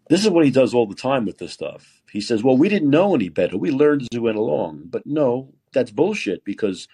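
Husky-voiced man ranting angrily. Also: lowish voice, warm tone. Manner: angry, profane ranting. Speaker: podcast host. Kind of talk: opinionated political commentary.

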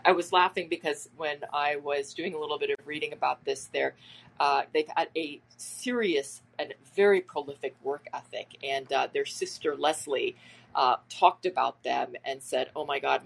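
Podcast host, easygoing and chatty, with a gravelly fry and a husky edge. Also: medium pitch, rough recording. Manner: conversational, loose and chatty. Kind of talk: casual spoken commentary.

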